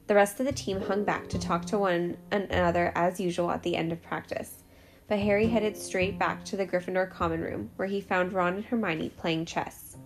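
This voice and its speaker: A woman reading a novel aloud in a steady, clear way, with small slips now and then. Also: on the low side, moderate pace, faint music behind. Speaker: storyteller.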